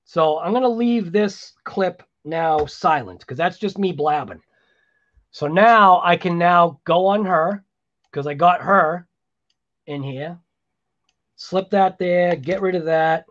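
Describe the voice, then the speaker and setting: A man with a fairly high voice talks his way through a video edit in a loose, rambling manner. He drifts into chatty, self-deprecating asides. The sound is a little muffled, like a basic home recording. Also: slow pace, fairly bright tone. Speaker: RC hobby channel host. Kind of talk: casual voice-over while editing video.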